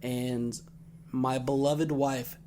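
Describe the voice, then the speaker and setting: Boisterous podcast host telling crude stories. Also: male voice, medium pitch, very slow, a little hiss or hum. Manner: boisterous, deadpan punchlines, crude jokes. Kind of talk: comedic casual chat and storytelling.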